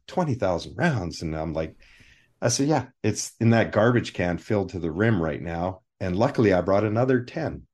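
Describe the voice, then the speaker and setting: A man, a film armorer, telling animated anecdotes with voiced quotes in a live interview over a video call. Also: lowish voice.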